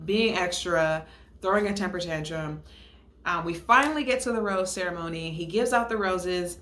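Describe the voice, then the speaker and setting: A young woman hosting a casual recap, lively and quick to laugh, acting out what others said in a higher voice. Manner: animated, acts out quotes in a higher voice, laughs often. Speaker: podcast host reviewing a reality show. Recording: echoey room.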